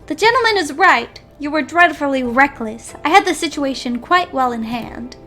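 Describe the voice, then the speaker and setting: A woman's voice: sits high, expressive, moderate pace, pushed and bright, soft background music. A woman voicing a refined, overly polite young lady from a visual novel, speaking in a prim and formal manner.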